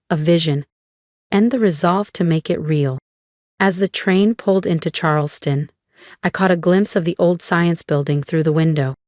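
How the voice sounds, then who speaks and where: A woman narrates a first-person revenge story, cool and measured, with deliberate pauses. Her fairly low voice is a little mellow, captured in a close, dry recording without any room sound.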